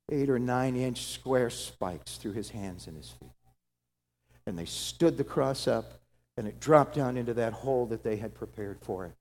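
Dramatic preacher in a reverberant hall. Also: male voice, mid-range voice. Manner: dramatic, swings from loud to hushed. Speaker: pastor. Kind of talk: dramatic sermon storytelling.

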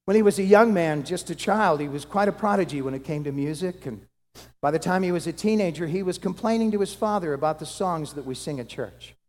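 A pastor preaching a dramatic sermon that swings from loud to hushed. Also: male voice, a little high, a little fast. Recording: long hall reverb.

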